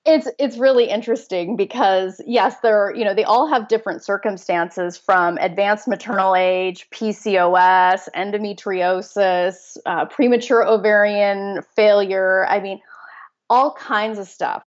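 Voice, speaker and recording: A woman's voice: mid-range voice, fairly even intonation, a little slow. Earnest woman coach, slightly dull audio. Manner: earnest, emphatic, laughs while talking. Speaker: guest, fertility mindset coach. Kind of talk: conversational interview.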